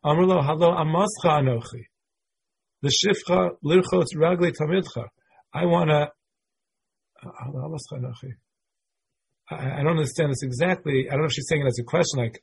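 A man's voice: a little high, a little fast, vocal fry, long pauses, breathy edge. A middle-aged man teaching a Torah class in a casual, conversational way, thinking aloud as he explains the texts.

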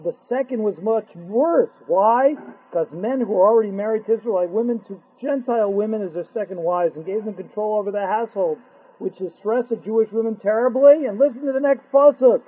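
High-voiced husky man teaching Torah. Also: fairly quick. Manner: rhetorical questions, acts out dialogue, uses Hebrew and Yiddish terms. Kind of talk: animated Torah class. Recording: dull lo-fi recording.

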